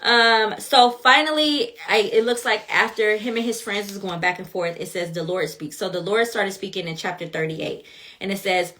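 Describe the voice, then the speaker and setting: Young woman, casual Bible study vlog, animated, chatty, laughing reactions, mid pitch. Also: moderate pace. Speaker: vlogger reading scripture.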